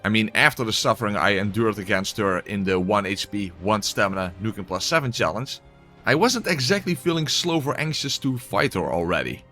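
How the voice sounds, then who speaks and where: A man's voice: fairly low pitch, expressive, brisk, sharp tone, faint music behind. A man giving casual gameplay commentary and voice-over narration, exclamatory, swearing, with wry asides.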